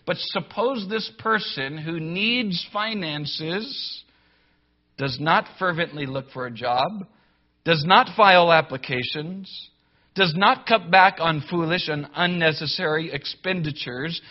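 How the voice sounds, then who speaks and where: High-voiced man preaching a sermon. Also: slow pace. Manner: emphatic preaching, rising to loud mock quotes. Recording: dull lo-fi sound.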